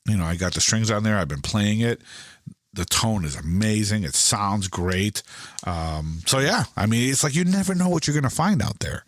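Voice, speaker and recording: Low-voiced man telling a lively story. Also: normal speed, no room sound, clean studio sound. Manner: animated storyteller who acts out both sides of conversations; loose, rambling delivery with many restarts. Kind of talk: casual podcast chat about guitars.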